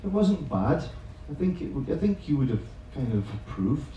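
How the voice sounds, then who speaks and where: A man's voice: medium pitch, sing-song, normal speed, dark tone, lo-fi sound. A man, a teacher trainer, telling a comic story live to an audience, chatty and self-mocking, swearing freely. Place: large echoing room at an evening event. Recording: very echoey room, voice far from the mic.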